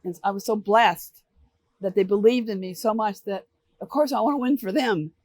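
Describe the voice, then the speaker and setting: An older American woman answering interview questions, telling animated stories and acting out the voices of people she quotes. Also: medium pitch, moderate pace, no room sound. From United States. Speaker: interview guest. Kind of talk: relaxed storytelling interview.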